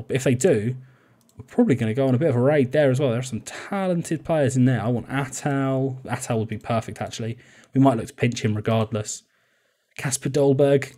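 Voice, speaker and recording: This video game YouTuber offers relaxed gameplay commentary on a football management game. He's a young man whose voice is medium in pitch and mellow, and his talk is chatty, full of jokes and frequent laughter.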